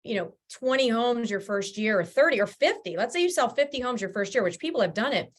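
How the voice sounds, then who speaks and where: A woman guest in a conversational interview, telling lively stories and acting out what people said to her. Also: on the high side, brisk. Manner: animated storyteller, acts out quoted dialogue. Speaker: guest, realtor and team leader.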